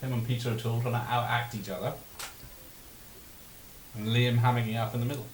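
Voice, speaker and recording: A man's voice: medium pitch, steady tone, fairly quick. A man with a mid-range voice hosts a casual film watch party, laughing often between dry, teasing remarks. He sounds like he is in an echoey room, with a faint hiss under his voice. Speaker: channel host.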